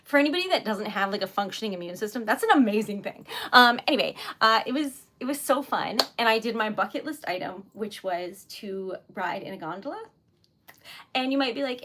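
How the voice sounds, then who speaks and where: A woman's voice: on the high side, lively intonation, brisk, fairly bright tone. A young woman from New England chatting casually on a livestream while crafting, jet lagged, giggling often and rambling through stories. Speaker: livestream host making wax stickers.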